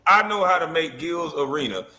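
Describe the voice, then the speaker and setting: A man hosting a heated, taunting casual rant, mocking someone with quick impressions. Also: on the high side, expressive, pushed and bright. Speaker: show host.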